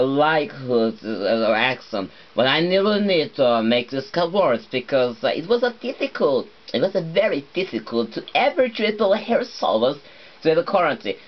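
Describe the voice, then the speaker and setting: Brief: a man rambling alone, halting and searching for words, slightly muffled recording. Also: medium pitch. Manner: halting, full of fillers and restarts, non-native phrasing. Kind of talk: rambling solo monologue.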